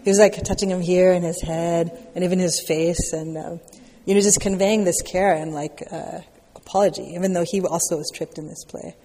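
Reflective woman meditation teacher, casual and unhurried in her phrasing, warm dark tone, recorded with long hall echo. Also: fairly low pitch, steady tone. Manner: reflective, loose, peppered with "you know" and "like". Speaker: dharma teacher answering questions. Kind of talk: casual dharma talk Q&A.

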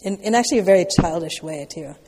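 Speaking low, fast and animated, a woman with a darkish, slightly rough voice gives a casual dharma talk in a large hall, answering questions as a teacher. Her manner is reflective and loose, heavy with filler like "you know" and "like."

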